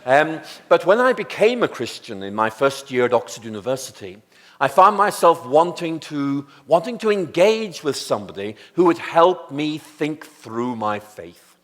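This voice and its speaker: A man's voice: a little high, big pitch swings. British man lecturing in a reverberant hall. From Northern Ireland. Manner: wry, lightly humorous, measured. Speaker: guest lecturer. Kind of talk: public lecture.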